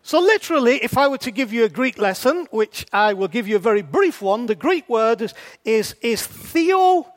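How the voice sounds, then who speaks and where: A man with a strikingly high-pitched voice gives a sermon. He keeps it conversational and often stops to ask the congregation rhetorical questions. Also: animated, brisk, hardly any pauses. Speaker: preacher.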